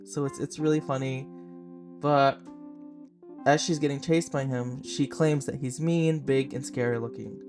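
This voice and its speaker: Chatty young man gushing on a podcast. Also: mid-range voice. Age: 20s. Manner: chatty and gushing, with frequent "like" fillers. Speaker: podcast host. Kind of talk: casual film review podcast.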